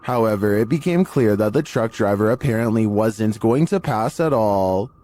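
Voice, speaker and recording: A man giving scripted narration of eerie video clips in a measured, even storytelling delivery. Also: lowish voice. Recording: faint music bed under voice.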